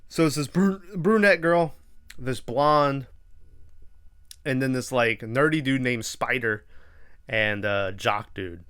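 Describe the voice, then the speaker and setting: Young male podcast host, casual and profane, smooth clear voice, mid pitch. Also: takes it slowly, pauses often, a bit bright. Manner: rambling, profane, acts out characters' lines. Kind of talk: casual movie recap.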